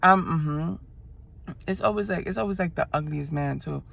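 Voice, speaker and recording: A bright, crisp voice belongs to a woman in her twenties with a New York accent. She tells stories from the seat of her car in casual, slangy talk and slips into the voices of the people she quotes. The sound is close and dry, with no room echo. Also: low-pitched, a little slow. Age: 20s. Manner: animated, slangy, acts out quotes. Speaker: vlogger. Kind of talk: casual storytelling chat. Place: inside a car.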